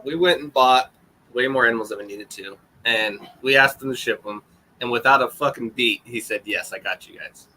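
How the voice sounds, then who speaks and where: A man's voice: medium pitch, normal speed, pushed and bright, slight background noise, poor audio. A man in casual podcast chat, joking crudely and laughing often.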